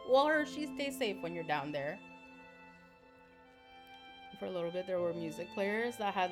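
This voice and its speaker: A young woman streaming a game live, chatting freely with her viewers and reading their messages aloud. She is expressive, often exclaiming and laughing. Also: medium pitch, normal speed, long pauses. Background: game music.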